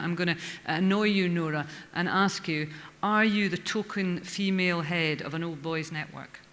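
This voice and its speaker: A man chairing a panel debate in a large hall, brisk and jokey with the audience. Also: fairly high pitch, bright, forceful tone. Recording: long hall reverb.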